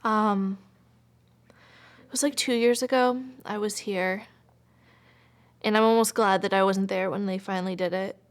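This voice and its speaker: A woman's voice: medium pitch, steady tone, measured pace, pauses often. A woman in her twenties telling a personal story in an interview, chatty and full of filler words, sometimes dropping almost to a whisper. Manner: chatty, frequent filler "like", drops to near whisper.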